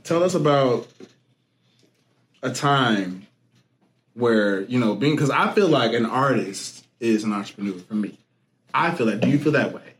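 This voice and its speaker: A man's voice: mid-range voice, animated, measured pace, long pauses, echoey room. A man from the suburbs, hosting a playful, laughing interview in front of a live audience. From Chicago suburbs. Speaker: host.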